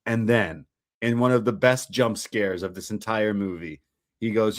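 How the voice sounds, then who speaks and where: A man's voice: on the low side, measured pace. A man co-hosting a casual film review podcast who swears freely and retells scenes with laughter.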